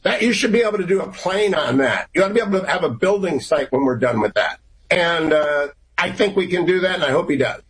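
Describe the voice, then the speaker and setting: Middle-aged man, emphatic and opinionated, somewhat high voice, talk radio guest. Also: animated, low-quality recording. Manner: emphatic, rapid-fire opinionated delivery. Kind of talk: political talk radio discussion.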